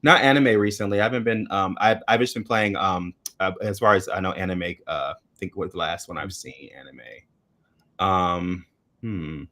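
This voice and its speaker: Low-voiced man, hesitant casual talk. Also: normal speed, bright, forceful tone. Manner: hesitant, many ums, searches for words. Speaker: co-host. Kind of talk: casual chat.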